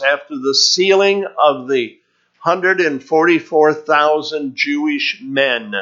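A man's voice: a little high, a bit bright. A man preaching a sermon, teaching earnestly and reading scripture aloud to his listeners. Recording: muffled lo-fi recording.

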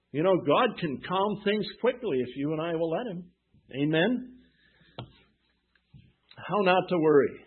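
A pastor preaching a sermon who asks the congregation questions and answers them himself. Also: male voice, a little high, expressive, measured pace, long pauses, breathy edge. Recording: tinny phone-like sound.

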